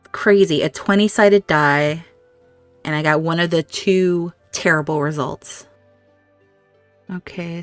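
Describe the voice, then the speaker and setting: Expressive woman narrating her gameplay. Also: fairly low pitch, no room sound. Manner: emotional, reacts aloud and talks to her characters. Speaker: gameplay video host. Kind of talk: casual gameplay commentary.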